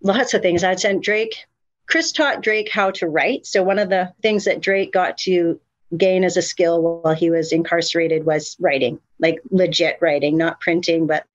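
A middle-aged woman telling her story as an interview guest, candid and animated, with many fillers and restarts. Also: on the low side, normal speed, no room sound, dull audio. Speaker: guest, mother of incarcerated sons. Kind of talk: emotional personal storytelling.

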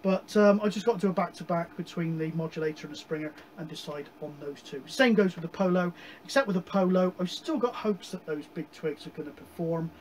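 A man casually chatting about his radio hobby, rambling with many pauses and digressions. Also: a little high, low-quality recording. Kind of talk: casual chat.

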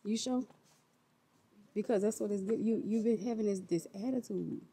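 A woman's voice: medium pitch, normal speed, warm tone, slightly rough. A woman in a store, talking to a child in short, repeated bits and calling her baby. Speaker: vlogger pranking her goddaughter. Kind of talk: casual vlog talk to a child. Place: inside a store.

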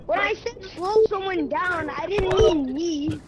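A woman's voice: very high-pitched, a little slow. A woman player in online game chatter, playful and calling out to others. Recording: loud game noise behind voice.

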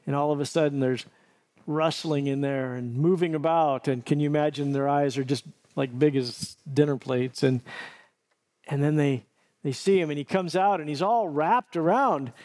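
A middle-aged male pastor tells a story in a sermon, earnest and vivid. His voice sits a little high for a man, and he often circles back to restart a phrase as he builds the picture. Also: a little mellow.

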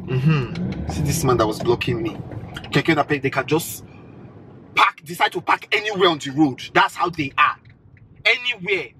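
A young man with a Nigerian accent giving animated, incredulous opinions in a casual vlog, talking from the back of a car. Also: on the high side, noisy background. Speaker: vlogger.

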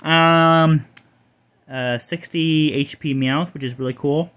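A man's voice: a little high, fairly even intonation, slow pace, a bit bright. A young man casually showing off his card collection, rambling, swearing freely and stumbling over names. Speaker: channel host.

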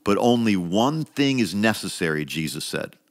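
Deep-ish guy preaching, chatty and emphatic, repeats himself for punch, gets higher when he pushes a point. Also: very animated, normal speed. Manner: emphatic, repeats phrases, rises in pitch when stressing a point; conversational preaching with frequent restarts and asides. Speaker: pastor. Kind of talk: sermon.

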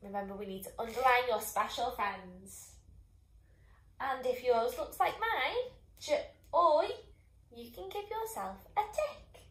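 A woman teaching young children phonics, sounding out each sound slowly and clearly and encouraging them. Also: fairly high pitch, lively intonation, a bit bright, reverberant. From England. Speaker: primary school teacher.

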